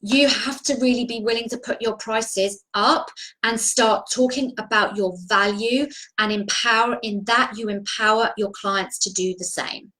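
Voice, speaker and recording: A woman's voice: fairly high pitch, fairly even intonation, measured pace, bright, forceful tone, low-quality recording. A woman coaching viewers on a live video stream, talking earnestly and encouragingly, often restarting her sentences. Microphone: video call.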